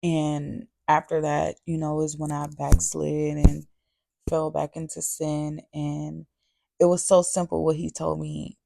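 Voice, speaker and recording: Heavily gravelly woman, slow and earnest. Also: sits low, flat delivery, mellow, dry recording, studio quality. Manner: earnest and confessional, repeats phrases for emphasis. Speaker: faith vlogger. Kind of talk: candid spoken testimony to camera.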